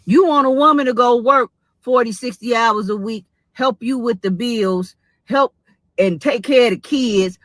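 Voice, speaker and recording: A woman's voice: fairly high pitch, unhurried, fairly bright tone, dry recording. A woman giving opinion commentary in a played clip, lecturing and repeating her points for emphasis.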